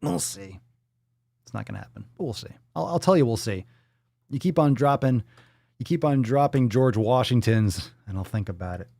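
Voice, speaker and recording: A man's voice: mid-range voice, lively intonation, a little fast, gravelly, mellow, no room sound, studio quality. A man hosting a livestream, reading out viewer donations and messages in casual, profane chat full of jokes and riffs. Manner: joking, profane and riffing off-the-cuff. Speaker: livestream host.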